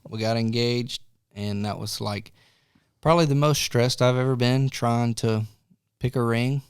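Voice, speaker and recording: A man's voice: medium pitch, steady tone, measured pace, clear, resonant tone, no echo, clean studio sound. A man who is a podcast guest, chiming in with brief, laid-back remarks. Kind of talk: casual chat.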